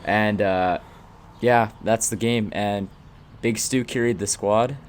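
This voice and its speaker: A man's voice: on the low side, steady tone, slow, slight background noise. A young man co-hosting a casual podcast, chiming in with dry teasing remarks. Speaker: podcast co-host. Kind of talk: casual chat.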